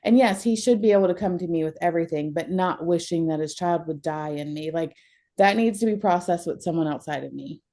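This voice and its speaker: A woman's voice: fairly low pitch, brisk, mellow. A young adult woman talking candidly as a counseling client, emotional and blunt, often breaking into laughter.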